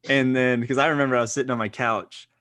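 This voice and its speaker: A man's voice: mid-range voice, fairly quick, no room sound. Man rambling through an anecdote, dry. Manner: animated anecdote-telling, rambling restarts. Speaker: podcast co-host. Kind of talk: casual chat.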